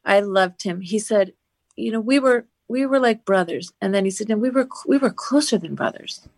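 A woman's voice: mid-range voice, moderate pace, dry recording. A woman guest on a podcast, telling a story earnestly with lots of "you know" fillers. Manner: earnest, animated retelling with many fillers. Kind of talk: storytelling interview.

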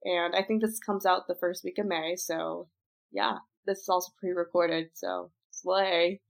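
A woman's voice: fairly low pitch, steady tone, measured pace, creaky. A woman hosting a podcast in casual outtakes, laughing, apologizing and restarting her story lines again and again. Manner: breaks off to retry story lines. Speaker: podcast host.

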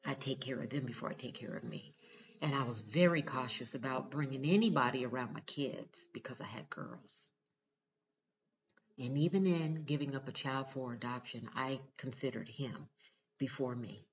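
A woman's voice: rumbling low, moderate pace, lo-fi sound. Earnest woman giving blunt advice. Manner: earnest, emphatic, direct. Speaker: mother giving relationship advice. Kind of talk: casual advice vlog.

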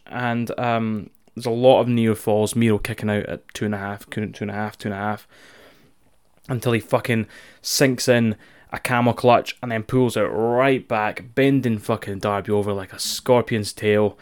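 A man's voice: mid-range voice, normal speed, clean tone. Ranting Scottish man recapping wrestling. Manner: profane, animated, ranting. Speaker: podcast co-host. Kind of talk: casual wrestling recap chat.

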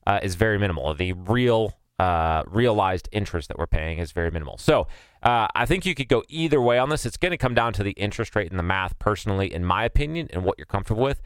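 A man's voice: lowish voice, expressive, brisk, clean tone, no echo. A man, co-hosting a money podcast, giving advice in a casual chat and thinking aloud with lots of fillers. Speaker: podcast co-host.

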